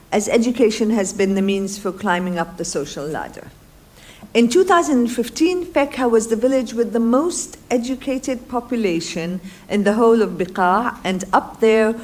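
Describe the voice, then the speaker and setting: A woman's voice: mid-range voice, a little mellow. Woman reading an academic paper aloud. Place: lecture hall.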